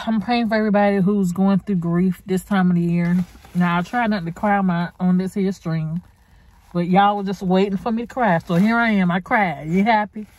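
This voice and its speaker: A woman's voice: medium pitch, steady tone, moderate pace, pauses often, a little mellow. A woman vlogger chatting to her viewers in a heartfelt, faith-filled way, calling them honey and y'all. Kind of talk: casual chat to camera.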